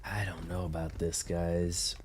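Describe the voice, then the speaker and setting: Low, mellow-voiced man streaming a game. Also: level tone, a little slow, a little hiss or hum. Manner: rambling, chatty, self-deprecating. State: congested from illness. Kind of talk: casual gameplay commentary.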